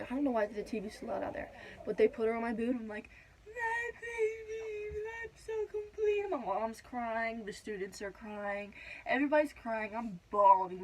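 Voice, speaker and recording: A teenage girl vlogging a casual storytime at home, chatty and full of "like", acting out quotes in a higher voice. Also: low-quality recording. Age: teens. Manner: chatty, says "like" a lot, acts out quotes in a higher voice.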